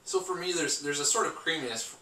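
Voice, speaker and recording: A man's voice: on the high side, fast, a crowd in the background. A man co-hosting a wine podcast, describing aromas and flavors casually while searching for the right words. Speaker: podcast co-host. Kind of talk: casual wine tasting chat. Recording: roomy sound from a distant mic, faint ambient noise.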